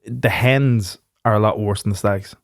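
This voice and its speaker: A man's voice: lowish voice, fairly even intonation, moderate pace, gravelly, dry recording, clean studio sound. A man hosting a podcast, chatting casually and telling stories with plenty of swearing. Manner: swearing, storytelling with acted quotes. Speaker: podcast host and musician. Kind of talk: casual chat.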